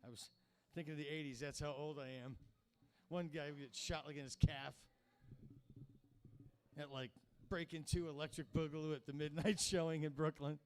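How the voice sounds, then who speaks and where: A man's voice: fairly high pitch, fairly even intonation, normal speed, long pauses, a little mellow, smooth. A man in his fifties hosting a comedy show, talking to the crowd in a rambling, profane, conversational stand-up manner. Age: 50s. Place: comedy club stage.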